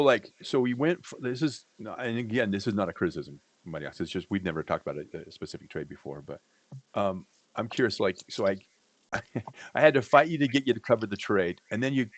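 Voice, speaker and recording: A man's voice: fairly low pitch, lively intonation, fast, no echo. A man on a livestream, chatting casually and joking, rambling and cutting himself off as he goes. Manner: joking, rambling, self-interrupting. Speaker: livestream co-host. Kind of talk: casual trading chat.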